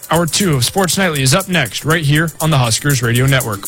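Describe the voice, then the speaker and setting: A man reads a scripted sports news ticker in a steady, measured voice. His voice sits a bit higher than most men's. A clear music bed runs under him. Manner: even, measured newsreader delivery.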